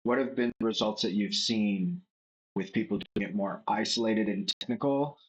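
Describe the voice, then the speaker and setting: A man's voice: on the low side, normal speed, highs cut off. A man hosting a casual interview, asking a long, careful question. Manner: brief backchannels, asks long questions. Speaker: podcast host.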